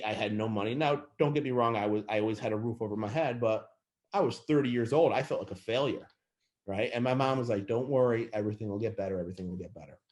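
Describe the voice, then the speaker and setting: A man in his thirties giving a fast, passionate motivational talk to managers on a call, with frequent restarts. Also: mid-range voice. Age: 30s. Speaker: real estate team leader speaking to managers.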